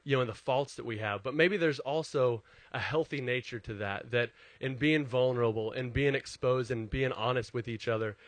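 A male pastor preaching in a relaxed, conversational way, with a voice sitting in an ordinary middle pitch. He tells personal stories with animated, self-deprecating humor, and the sound is close and dry, with no room echo. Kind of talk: conversational sermon with personal storytelling.

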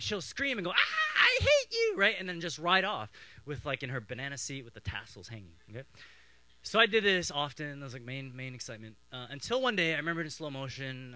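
A middle-aged man from Canada preaching a sermon, telling childhood stories in an animated way and acting out family voices. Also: on the high side, no echo, rough recording. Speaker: pastor.

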